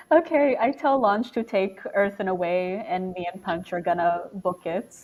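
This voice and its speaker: A woman playing a tabletop game, laughing and teasing in quick banter. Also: mid-range voice, sing-song. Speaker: player. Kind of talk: casual tabletop game play.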